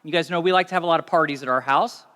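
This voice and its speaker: A young adult man preaching a sermon as pastor, telling stories in a conversational, animated way. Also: fairly high pitch, very fast. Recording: long reverb of a large hall.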